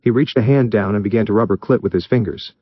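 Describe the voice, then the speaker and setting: A man reading fan fiction aloud in steady, even narration. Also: on the low side, fast talker, breathy edge, no room sound, dull audio. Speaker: story reader.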